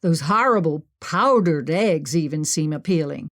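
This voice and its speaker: A woman voicing a lively young woman who talks brightly and eagerly. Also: deep voice, unhurried.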